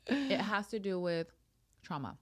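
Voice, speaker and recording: A young adult woman co-hosting a casual sister chat, blunt and animated, swearing as she tells stories. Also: mid-range voice, unhurried. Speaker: podcast co-host.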